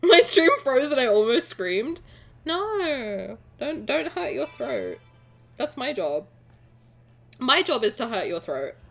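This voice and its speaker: A young woman streaming a game, chatting playfully to her viewers, joking and breaking into excited shouts. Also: sits high, slow pace, creaky, faint music behind. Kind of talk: casual game stream commentary.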